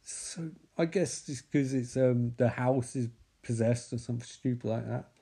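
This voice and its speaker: A man's voice: mid-range voice, moderate pace, gravelly, dark tone, husky. A man giving sarcastic running commentary on a movie he is watching, swearing and mocking the characters. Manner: sardonic, swears, mocks the characters in put-on voices.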